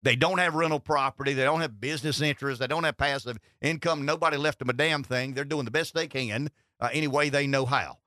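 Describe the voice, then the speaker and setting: A man hosting a talk radio show, talking in an animated way that often restarts and repeats words. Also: mid-range voice, fast, few pauses, no echo, clean studio sound. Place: radio studio. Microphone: studio headset mic.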